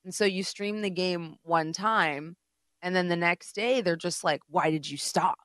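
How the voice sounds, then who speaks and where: A woman's voice: fairly low pitch, measured pace, no echo, clean studio sound. A woman co-hosting a podcast in casual chat, telling stories and acting out what others said. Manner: animated storyteller who acts out quotes. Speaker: podcast co-host.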